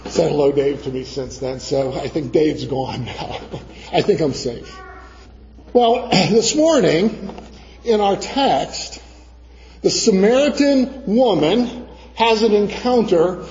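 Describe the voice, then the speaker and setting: Storytelling preacher, a man with a high-pitched voice. Dull recording in a reverberant church. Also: lively intonation, takes it slowly, long pauses, a little mellow. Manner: storytelling, acting out the voices of others. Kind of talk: sermon with a personal story.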